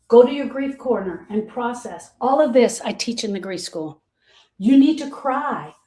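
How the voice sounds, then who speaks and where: A woman grief coach giving a motivational talk to viewers, emphatic and repetitive, dropping soft and then rising loud, calling listeners "girl". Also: a little high.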